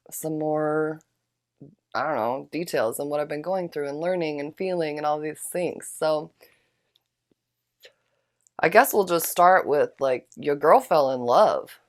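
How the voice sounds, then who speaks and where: Chill young woman podcaster, low voice, slangy and swears a lot, laughs a bunch. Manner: slangy, profane, laid-back, laughs often. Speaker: podcast host. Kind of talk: casual solo podcast chat with guided breathing.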